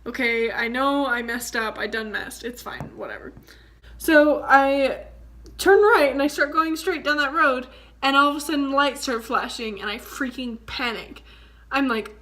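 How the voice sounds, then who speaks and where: Young woman vlogging, high bright voice, says "like" a lot, casual storytelling. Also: moderate pace. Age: young adult. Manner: chatty, fillers of "like", animated retelling.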